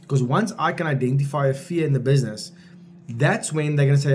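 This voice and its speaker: A man's voice: medium pitch, quick pace, a little mellow, slight background noise. A man coaching salespeople in a blunt, informal way, driving each point home with repetition. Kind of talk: direct-to-camera coaching talk.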